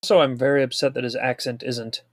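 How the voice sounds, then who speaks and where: A man's voice: mid-range voice, little pitch movement, quick pace, no echo, clean studio sound. A man co-hosting a podcast, making earnest, nerdy fan remarks about a movie in casual chat. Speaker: podcast co-host.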